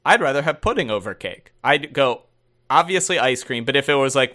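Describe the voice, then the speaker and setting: A man's voice: medium pitch, expressive, a little fast, sharp tone. A man co-hosting a casual podcast, reading a listener's letter aloud in a wry way and laughing as he goes. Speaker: podcast co-host.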